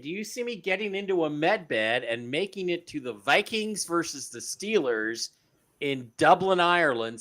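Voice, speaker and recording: Animated bright-voiced male co-host. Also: mid-range voice, vocal fry. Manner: reads donor messages aloud, animated. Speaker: co-host reading viewer questions. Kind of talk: live stream chat.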